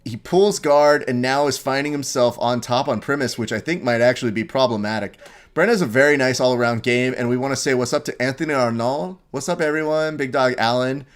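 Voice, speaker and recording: A man hosts a casual live stream and tells stories with animated energy. He swears freely and talks in a loose, conversational way. His voice sits at an ordinary middle pitch. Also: fairly quick. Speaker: host.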